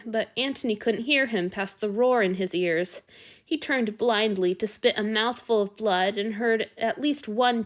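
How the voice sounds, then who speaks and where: A woman narrating a fan fiction story aloud in a steady, expressive reading. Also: mid-range voice.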